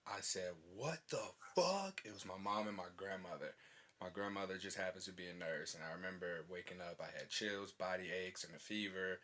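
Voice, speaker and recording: A man's voice: sits low, flat delivery, fairly quick, bright, forceful tone. A man hosting a podcast in casual conversation, frank and loose, swearing easily and checking that he understands his guest. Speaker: podcast host.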